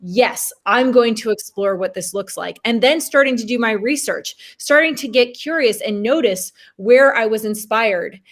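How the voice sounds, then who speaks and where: A woman's voice: a little high, normal speed, hardly any pauses. A woman on a casual panel chat, speaking earnestly and thoughtfully. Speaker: panel guest.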